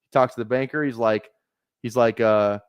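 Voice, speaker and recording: A man's voice: mid-range voice, steady tone, moderate pace, smooth, no echo, highs cut off. A man giving casual live-stream commentary on his fantasy football draft, rambling and correcting himself as he thinks aloud.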